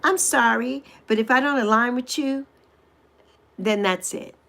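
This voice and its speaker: A woman in her sixties hosting a casual livestream, animated and sassy, greeting viewers by name. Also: fairly high pitch, a little slow, vocal fry. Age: 60s. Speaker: livestream host.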